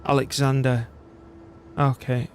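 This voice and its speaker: A man's voice: medium pitch, little pitch movement, slow pace, slight background noise. A middle-aged British man chatting and rambling casually while streaming a strategy game. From Britain. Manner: rambling, chatty, self-deprecating. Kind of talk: casual gameplay commentary.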